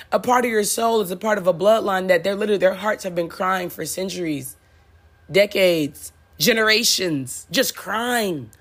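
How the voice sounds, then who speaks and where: A woman's voice: mid-range voice, normal speed. A woman giving a blunt, profane motivational talk, repeating lines for emphasis and laughing at her own jokes. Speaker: spiritual motivational speaker. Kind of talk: preachy motivational monologue.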